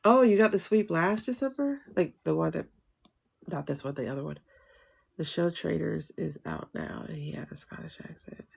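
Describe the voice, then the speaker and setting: A woman's voice: low-pitched, moderate pace, creaky, husky. A woman hosting a casual livestream tarot chat, asking questions aloud and answering them herself in a slangy, familiar way. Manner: slangy and familiar, calls viewers child, girl, boo. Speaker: livestream host reading tarot.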